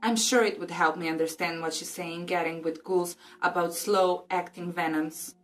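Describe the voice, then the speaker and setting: A woman's voice: lowish voice, steady tone, moderate pace, a bit bright, natural voice. A woman reading aloud and voicing a twelve-year-old schoolgirl who stammers nervously and is eager to please.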